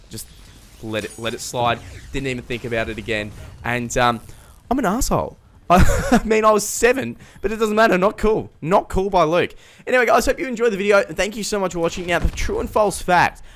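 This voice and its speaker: Young male vlogger, mid-pitch voice, rambling comic anecdote. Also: a bit bright, slight background noise. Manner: rambling, self-mocking, chuckles mid-sentence. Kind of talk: casual comedic storytelling.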